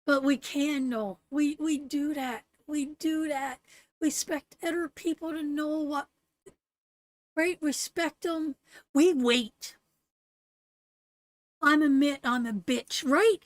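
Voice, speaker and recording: A woman's voice: high voice, slow, pauses often, no room sound. A middle-aged woman from Canada hosting a live tarot stream, giving blunt, salty pep talks to her viewers. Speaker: tarot reader and host.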